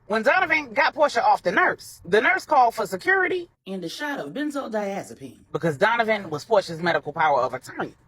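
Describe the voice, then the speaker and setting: A woman narrating a grown-up bedtime story in a colloquial, animated way. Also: fairly high pitch, low-quality recording.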